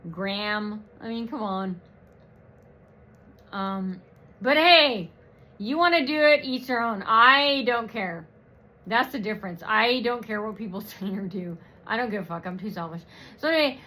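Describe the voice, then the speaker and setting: Woman vlogger, slow profane rant, bright tense tone, mocking, filler-heavy. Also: on the high side. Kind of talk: rambling personal rant.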